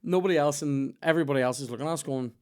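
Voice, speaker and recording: A man's voice: fairly high pitch, racing. Sweary Belfast man telling stories. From Northern Ireland. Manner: sweary, rambling storytelling. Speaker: podcast host. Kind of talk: casual chat.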